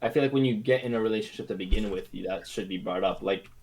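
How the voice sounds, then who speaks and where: A man's voice: lowish voice, fast, a little mellow, rough recording. A man chatting casually on a podcast, earnestly reasoning through hypotheticals. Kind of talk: casual chat.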